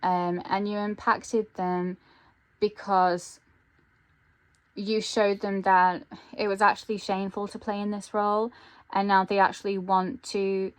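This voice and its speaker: A woman giving an intuitive tarot reading, thinking aloud with frequent pauses and ums. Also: mid-range voice, flat delivery, clear, resonant tone. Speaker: tarot reader.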